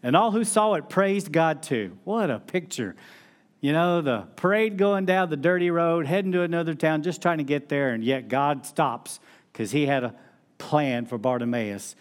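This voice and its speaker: A middle-aged man delivers a sermon like he's telling friends a story. His voice sits slightly high for a man, and he slips into acted-out quotes as he goes. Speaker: pastor.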